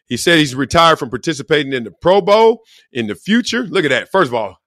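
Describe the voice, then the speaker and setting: A man's voice: fairly high pitch, expressive, brisk, fairly bright tone, dry recording, studio quality. A middle-aged man hosting a casual sports show, talking in slang and acting out quotes in different voices. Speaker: host.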